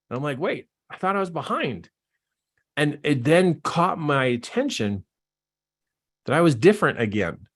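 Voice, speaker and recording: A man coaching on self-help, telling his own story in a casual, animated way and acting out his astonished reactions. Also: medium pitch. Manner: casual, says "like" and "man" often. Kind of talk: personal storytelling to camera.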